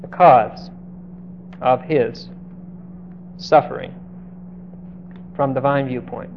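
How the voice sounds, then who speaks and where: A man's voice: medium pitch, fairly even intonation, slow. A man preaching an expository sermon on a Bible passage, emphatic, drawing out key words and putting direct questions to his listeners. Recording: dull lo-fi recording with faint hiss.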